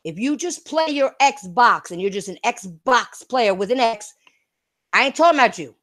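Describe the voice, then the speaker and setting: A woman's voice: fairly high pitch, expressive, normal speed, fairly bright tone. A woman hosting a casual gaming talk stream, brash and profane, laughing hard and repeating herself. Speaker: streamer and podcast host.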